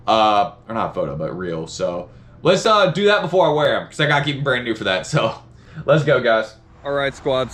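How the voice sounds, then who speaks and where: A man's voice: medium pitch, a bit bright, slight background noise. A young man with a Southern accent, chatting casually through a sneaker unboxing and review, rambling and upbeat with lots of "right?".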